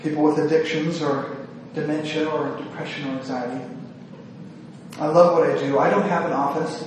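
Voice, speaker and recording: A man's voice: a little high, steady tone, moderate pace, slight background noise. A man, a psychiatrist, giving an earnest, self-deprecating talk to a gathering, a little nervous and restarting his sentences. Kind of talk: speech to a women's gathering. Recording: echoey hall, distant mic.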